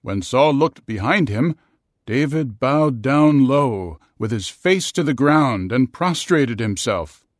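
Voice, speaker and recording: A man narrates scripture in a measured, storytelling manner. His pitch moves in a lively way from phrase to phrase, and the recording is dry and close. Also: no echo.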